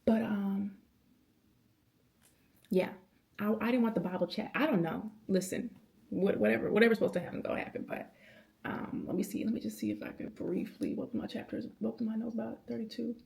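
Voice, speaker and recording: Woman vlogger, thirties, gravelly voice, mellow tone, rambling passionate Bible chat, slangy y'all talk, at home. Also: mid-range voice, a little fast. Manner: passionate, rambling, with many restarts and laughs; casual slang with habitual "be", addresses viewers as y'all. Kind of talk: casual late-night Bible chat to camera. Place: at home indoors.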